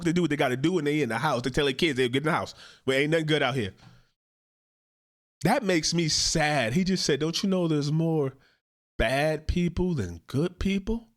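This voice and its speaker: A man hosting a reaction commentary, talking in a profane, emphatic and indignant way. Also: on the high side. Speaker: host, commentator.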